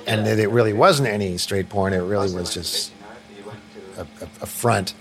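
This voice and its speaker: A man's voice: fairly low pitch, steady tone, normal speed. A man giving a candid interview, frankly telling anecdotes and acting out quotes. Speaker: interview guest. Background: music.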